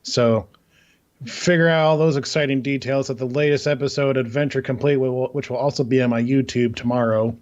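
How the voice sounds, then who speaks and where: A man co-hosts a casual gaming podcast, rambling through plans with plenty of restarts. He slips into deadpan sarcasm. His voice comes through a slightly muffled, lo-fi microphone at a middling pitch. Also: fairly quick. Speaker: podcast co-host. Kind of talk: casual chat.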